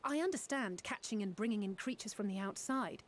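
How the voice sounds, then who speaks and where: A woman voicing a curious young female companion in voiced video game dialogue, asking soft, inquisitive questions. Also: medium pitch, brisk, a little hiss or hum, lightly acted.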